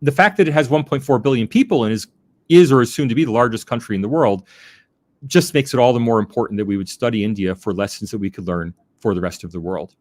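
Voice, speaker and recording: A man, an academic guest, giving a measured, emphatic interview answer with some restarts. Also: medium pitch, darkish tone.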